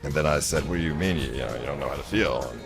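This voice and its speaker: A man with a very deep, low voice rambles through a story to his stream, exasperated and stopping to restart his sentences. Loud music plays clearly behind him. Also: very fast. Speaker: livestreamer. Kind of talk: casual storytelling to chat.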